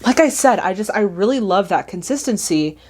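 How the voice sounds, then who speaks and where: A woman hosting a movie reaction, talking in an animated, chatty way, often exclaiming at what she sees. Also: medium pitch, brisk, music in the background.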